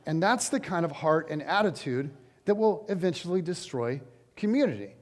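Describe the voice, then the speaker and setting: A man preaching a sermon as pastor, conversational and animated, with jokey asides to the congregation. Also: a little high, normal speed. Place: large church sanctuary. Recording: long hall reverb.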